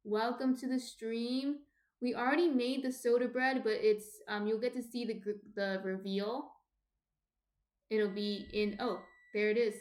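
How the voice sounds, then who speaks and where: A woman's voice: a little high, fairly even intonation, unhurried, darkish tone. Chatty woman streaming from an echoey kitchen. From New Jersey. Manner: chatty, rambling with many fillers and restarts. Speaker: baking streamer. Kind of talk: casual livestream chat reading viewer comments. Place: home kitchen.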